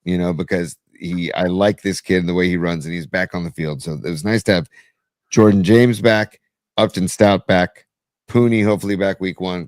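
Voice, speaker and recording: Low-voiced weary sports-talk man. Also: dry recording. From San Francisco Bay Area. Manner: weary, frustrated, halting restarts. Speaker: podcast co-host.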